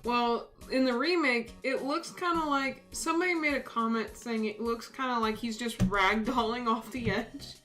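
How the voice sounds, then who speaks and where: A woman's voice: a little high, moderate pace, few pauses. A young woman streamer casually telling a funny story while drawing, laughing often as she talks. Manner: giggly, animated, laughs often. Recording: faint music playing behind.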